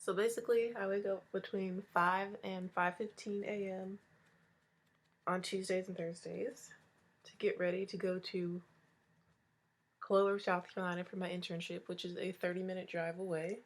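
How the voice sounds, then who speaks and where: A young woman in her twenties talks through a casual makeup tutorial at home in the early morning. Her voice sits a little low and sounds congested. She chats in an upbeat, talkative way. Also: little pitch movement, moderate pace. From Hawaii. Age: 20s. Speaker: beauty vlogger.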